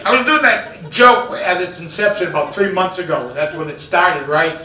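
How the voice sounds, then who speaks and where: A man in his fifties performs stand-up with a bright, high voice, telling self-deprecating stories. He is recorded from some distance in a roomy, echoey hall. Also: normal speed. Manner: self-deprecating, animated storytelling with audience laughter. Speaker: comedian. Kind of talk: stand-up comedy set. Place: large event room with audience. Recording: echoey room from far off.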